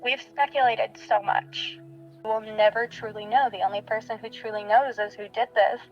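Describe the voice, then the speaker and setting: A young woman recalling a friend in a halting, soft-spoken way, full of little fillers. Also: a little high, steady tone, muffled recording, soft background music. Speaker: friend of a murder victim. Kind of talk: personal interview recollection.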